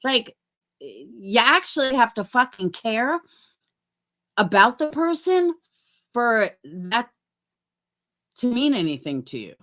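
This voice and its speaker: A woman's voice: a little high, very animated, slow, pauses often, a bit bright. A middle-aged woman chatting on a livestream, rambling and swearing as she talks to her chat by name.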